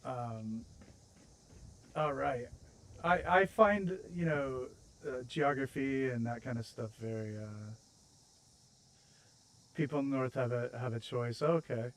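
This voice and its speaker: A man's voice: mid-range voice, slow pace, pauses often, low-quality recording. An American man hosting a game livestream, chatting casually and rambling, with self-mocking jokes. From United States. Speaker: streamer host. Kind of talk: casual chat while building in a game.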